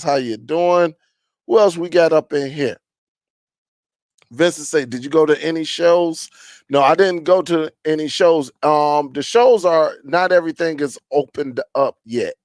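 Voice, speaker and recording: A man hosting a casual live stream chat, greeting viewers and reading their comments aloud in a relaxed, rambling way with many fillers. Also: on the high side, no room sound.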